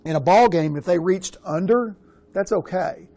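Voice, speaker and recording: A man's voice: sits high, normal speed, warm tone. A man around sixty, a quarterback coach giving a casual, profane, rambling talk at a coaching clinic.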